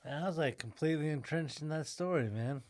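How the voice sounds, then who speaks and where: A man co-hosting a podcast in casual chat, relaxed and laid-back, swearing now and then. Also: a little high, fast talker, no echo. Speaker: podcast co-host.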